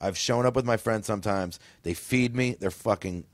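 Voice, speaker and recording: Low-voiced, earnest male comedian guest. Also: moderate pace, no room sound. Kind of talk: casual chat.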